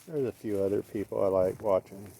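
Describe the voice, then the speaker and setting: A man's voice: lowish voice, brisk, vocal fry, mellow. A middle-aged man rambling in a casual vlog while out walking his dog, opinionated and plain-spoken. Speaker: vlogger.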